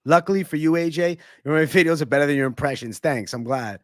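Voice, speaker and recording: Profane young Northeastern host, dry close mic. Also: male voice, on the high side, no echo. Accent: American Northeast. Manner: casual, profane, banters with chat between quick celebrity impressions. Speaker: livestream host. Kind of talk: casual livestream Q&A.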